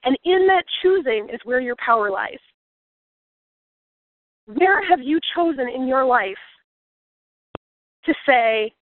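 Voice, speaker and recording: A woman's voice: high-pitched, animated, takes it slowly, pauses often, dry recording. Earnest woman on a tinny line. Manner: earnest, reflective, grows emotional. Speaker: speaker on a coaching call. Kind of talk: personal story with motivational lesson. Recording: tinny phone-like line, dry.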